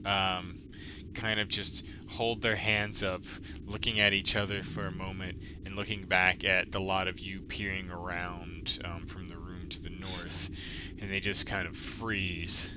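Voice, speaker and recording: A man narrating as game master, slow and hesitant with many ums. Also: sits low, level tone, dull audio, noisy background.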